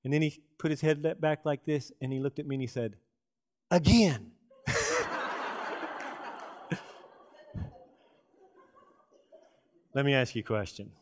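A middle-aged man preaching a sermon from Texas, telling folksy stories with dramatic pauses and asides. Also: medium pitch, a little mellow. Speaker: pastor.

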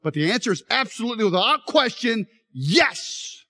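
A man's voice: high voice, moderate pace. A middle-aged man preaching a sermon, telling stories animatedly and acting out voices while straining on an injured leg. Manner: animated storytelling, acts out voices. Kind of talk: sermon with live demonstration.

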